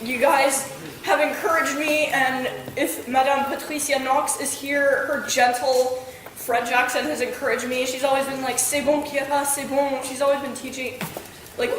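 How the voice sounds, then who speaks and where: A woman's voice: high-pitched, flat delivery, normal speed, noisy background. A woman giving a playful thank-you speech after a play, joking and mixing in schoolbook French. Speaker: cast member giving thanks. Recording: echoey hall from far off with audience.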